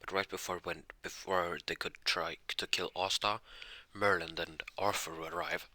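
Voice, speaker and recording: A man narrating an improvised fan-fiction story, halting with many restarts and self-corrections. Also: sits low, steady tone, creaky, sharp tone, no echo.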